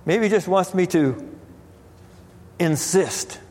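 A man preaches a sermon in a church, reading scripture in old-fashioned wording and circling back over his phrases. His voice sits fairly high for a man. It rings out with a long reverb, as in a large hall. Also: takes it slowly, a little mellow, a little hiss or hum. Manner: reads scripture in King James wording, repeats phrases.

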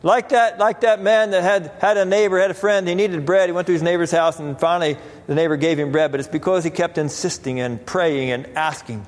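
A man's voice: fairly high pitch, steady tone, fairly quick, few pauses. A man preaching a sermon, reading scripture in old-fashioned wording and repeating phrases as he builds emphasis. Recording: reverberant hall.

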